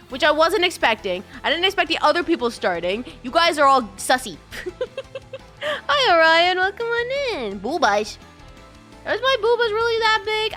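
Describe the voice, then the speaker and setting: A giggly woman streamer talks casually to her chat in a high, animated voice that jumps all over. Her tone is bright and sharp. Faint music plays behind her. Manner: giggly, chatty, greets viewers.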